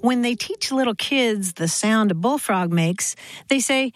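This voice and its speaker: Brisk woman co-hosting radio. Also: a little high, lively intonation, no room sound. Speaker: radio show co-host. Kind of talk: radio call-in chat.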